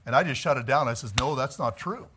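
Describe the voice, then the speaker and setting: A male pastor preaching a sermon, telling stories in an animated way and chuckling as he goes. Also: medium pitch, fast talker, a little hiss or hum.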